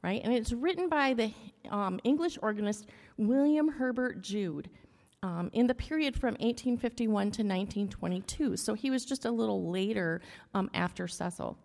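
A woman leads a relaxed hymn lesson for a congregation, checking in with "okay?" and humming out the beats. Her voice sits a little high. A long hall echo trails behind her words. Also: normal speed, gravelly. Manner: chatty, explains with "okay?" and hums rhythms. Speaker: church music leader. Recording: long echo of a large room.

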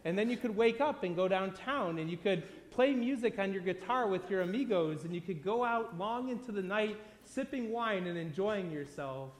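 A man voicing a self-assured American businessman who pitches big plans with confidence. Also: expressive, normal speed, few pauses. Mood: persuasive. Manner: confident, persuasive sales pitch. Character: self-assured American male business executive, eager to advise. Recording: long hall reverb.

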